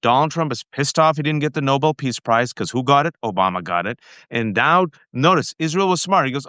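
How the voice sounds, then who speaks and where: A man's voice: a little high, expressive, quick pace, sharp tone, no echo. A man hosting a political commentary show, speaking with passion and talking straight to his viewers. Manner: impassioned, addresses viewers directly. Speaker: host.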